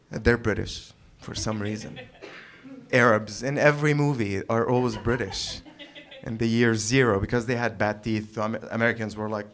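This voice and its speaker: A man doing a stand-up set on a comedy club stage, rambling and halting, restarting lines and chuckling at his own jokes. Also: mid-range voice, fairly bright tone. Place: comedy club stage before a live audience.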